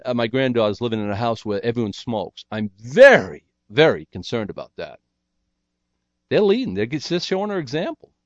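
A man's voice: lowish voice, no room sound, highs cut off. An older man preaching a sermon in a folksy, earnest way with self-deprecating humor.

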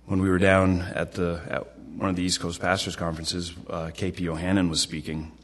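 Brief: deep-voiced man preaching in a conversational, halting way. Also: little pitch movement, a bit bright. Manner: halting, repeats and restarts phrases. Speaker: pastor. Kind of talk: casual sermon.

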